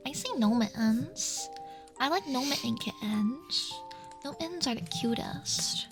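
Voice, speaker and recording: Woman, high voice, giggly and playful, casual livestream Q&A, faint music behind. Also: sing-song, takes it slowly, pauses often. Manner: giggly and playful, laughs often. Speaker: streamer.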